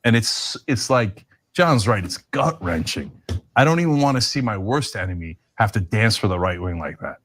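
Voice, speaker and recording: Male co-host, animated and sarcastic, wide pitch range. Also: moderate pace, a little hiss or hum. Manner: animated, sarcastic, laughs while talking. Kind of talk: casual political commentary.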